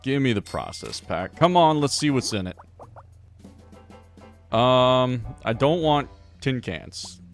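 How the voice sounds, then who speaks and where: A man's voice: medium pitch, big pitch swings, takes it slowly, long pauses, faint music behind. A man commenting playfully on a game he is playing live, thinking aloud and slipping into silly voices. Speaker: game streamer.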